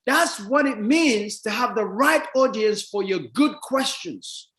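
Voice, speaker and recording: A man giving a motivational talk to an audience, emphatic and repetitive, swinging between loud and soft. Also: sits high, lively intonation, slow pace. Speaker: motivational speaker. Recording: echoey room.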